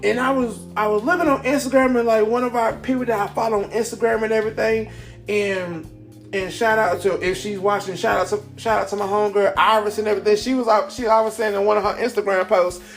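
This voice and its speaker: A man's voice: high voice, steady tone, quick pace, soft background music. A man in a casual motivational talk to camera, rambling and repeating words, with many fillers, recorded indoors at home. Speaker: vlogger. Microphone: camera in front of him.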